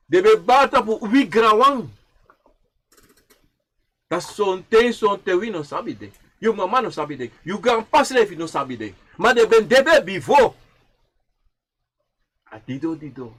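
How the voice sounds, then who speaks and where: A man giving a spoken teaching on ancestral tradition over a livestream. He repeats phrases in a chanting way and swings from loud to hushed. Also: sits high. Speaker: livestream speaker.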